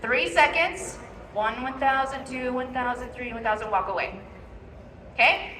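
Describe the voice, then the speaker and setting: Heard from far off in an echoey expo hall with slight background noise, a woman trainer demonstrates live with dogs. Her high voice is a little slow and sharp as she guides handlers through each step, asking "okay?" again and again.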